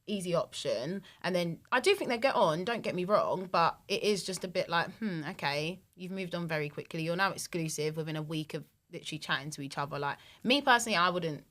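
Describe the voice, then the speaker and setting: A woman's voice: lowish voice, lively intonation, brisk, hardly any pauses, a bit bright. A young woman, a guest in casual chat, giving frank opinions with lots of "like". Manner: frank, opinionated, many "like" fillers.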